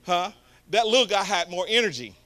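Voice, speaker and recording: Preacher guy, high bright voice, telling stories super animated. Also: fairly quick. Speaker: pastor. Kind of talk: sermon.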